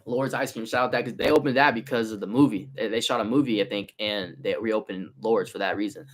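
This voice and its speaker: His voice is on the low side and his pace brisk. The man, in his twenties and from the Bay Area, runs a car detailing business and keeps his casual livestream lively with slangy street talk.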